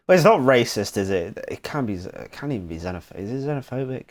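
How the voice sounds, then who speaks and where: Man, reaction host, animated pitch, joking, sweary. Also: fast, few pauses. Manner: joking, swears freely, drops to mumbled asides. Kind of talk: casual reaction commentary.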